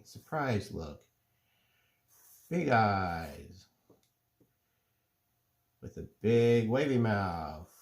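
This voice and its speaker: Middle-aged man, drawing teacher; low, gravelly voice, slow and relaxed step-by-step explaining. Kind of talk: casual drawing tutorial.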